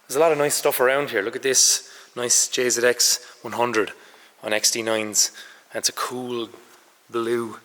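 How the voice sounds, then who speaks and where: Man, hoarse, bright forceful voice, loose workshop vlog chatter, long garage reverb. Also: medium pitch, flat delivery, measured pace. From Ireland. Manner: chatty, loose and matter-of-fact, with mild swearing. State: hoarse, says he lost his voice. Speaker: car restoration vlogger. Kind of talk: casual workshop vlog narration. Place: large garage workshop, indoors.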